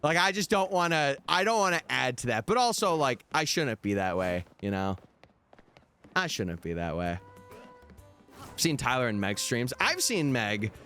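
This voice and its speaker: A man's voice: mid-range voice, big pitch swings, moderate pace, sharp tone. A young man streaming live, chatting casually and answering his viewers' messages over faint background music. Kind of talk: casual livestream chat.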